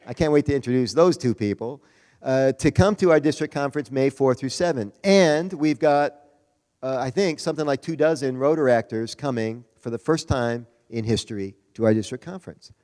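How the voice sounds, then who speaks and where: A man's voice: mid-range voice, fairly quick, a little mellow. A man giving a folksy, chatty conference speech as a Rotary district leader, joking with the crowd over a PA mic. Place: large conference hall. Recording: reverberant conference hall.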